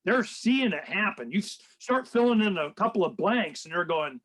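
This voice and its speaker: Talk radio host: older man, high voice, rambling and animated. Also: normal speed, few pauses, low-quality recording. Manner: rambling, animated, acts out quoted people in a raised voice. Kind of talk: casual political chat.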